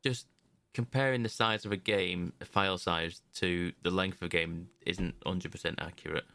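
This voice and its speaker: A man's voice: sits low, fairly even intonation, moderate pace, sharp tone, no echo. A man co-hosting a gaming podcast, hesitant and trailing off in half-finished sentences. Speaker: podcast co-host. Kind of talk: casual chat about video games.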